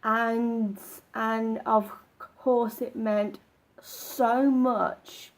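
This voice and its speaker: A woman talks slowly to camera in a fairly high, gravelly voice. Her speech comes in halting, broken phrases, often restarting mid-sentence. It is a casual vlog where she gives advice. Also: fairly even intonation. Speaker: vlogger.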